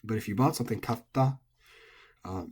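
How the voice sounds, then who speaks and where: A man's voice: fairly low pitch, normal speed, a little mellow, slightly rough. A man, an English speaker, giving a casual recorded language lesson, thinking aloud with frequent ums and self-corrections. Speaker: language teacher.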